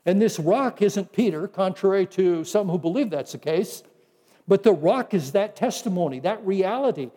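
High-voiced pastor preaching in a hall. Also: male voice, expressive. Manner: teaching, with scripture quoted in a slower, softer voice. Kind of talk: sermon.

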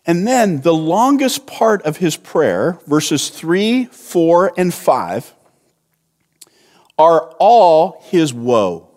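A man preaching a sermon as pastor, earnest and unhurried, often restarting his phrases. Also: fairly high pitch, a little mellow, long reverb tail.

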